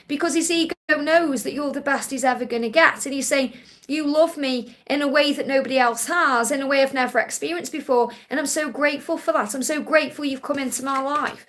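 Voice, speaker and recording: A woman hosting a live psychic question-and-answer stream, gently reassuring and ending her points with a soft "okay?". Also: high voice, brisk. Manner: relays messages in first person with emphatic repetition.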